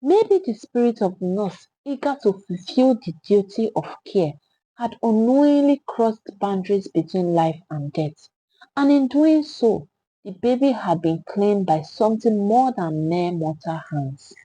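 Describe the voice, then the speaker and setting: A woman's voice: medium pitch, lively intonation, measured pace, dark tone, husky, no room sound, low-quality recording. A woman narrating a dramatic story with emphatic delivery.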